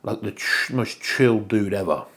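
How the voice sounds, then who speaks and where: A man's voice: fairly low pitch, a little slow, creaky, a bit bright. A young man vlogging casually about his meals, chatty and rambling, with casual swearing. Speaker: fitness vlogger. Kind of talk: casual chat to camera.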